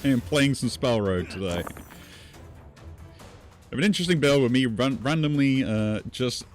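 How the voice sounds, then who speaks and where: A man's voice: medium pitch, lively intonation, moderate pace, soft background music. A man casually commenting on his own gameplay, thinking aloud as he plays. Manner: musing, thinks aloud while playing. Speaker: gaming streamer.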